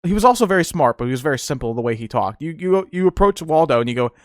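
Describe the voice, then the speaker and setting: A man's voice: fairly high pitch, expressive, fast, dry recording, studio quality. A man hosting a podcast, rambling in casual chat with frequent laughs and fillers. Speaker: podcast host.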